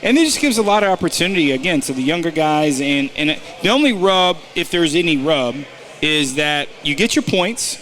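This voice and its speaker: Man, slightly high voice, co-host, casual teasing chat, stop-start sentences. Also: lively intonation, normal speed, fairly bright tone. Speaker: podcast co-host and betting picks guy.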